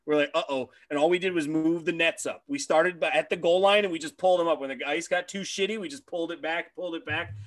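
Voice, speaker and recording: A man co-hosting a podcast and telling animated, profane stories about his hockey days. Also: fairly high pitch, fast talker, few pauses, no room sound. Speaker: podcast co-host, former hockey player. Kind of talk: casual podcast chat.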